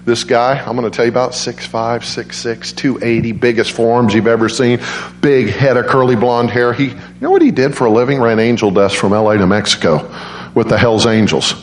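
A man preaching a sermon as a guest speaker, telling stories in an animated way and leaping into high voices for quoted people. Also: a little fast, a little hiss or hum. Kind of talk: storytelling sermon. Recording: roomy church echo.

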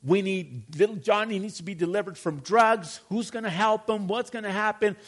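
A man's voice: high-pitched, fairly bright tone, pitched above the performer's own voice. A man voicing a worried parent who prays in despair, talking in a panicky, pleading way. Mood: panicked. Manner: panicky, pleading, rushing from fear to fear.

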